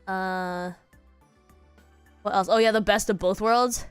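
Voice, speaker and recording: A woman's voice: mid-range voice, fairly even intonation, slow pace, smooth, soft background music. A congested young woman streamer chatting casually and rambling, now and then singing bits of songs. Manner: rambling, sings snatches of songs. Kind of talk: casual chat.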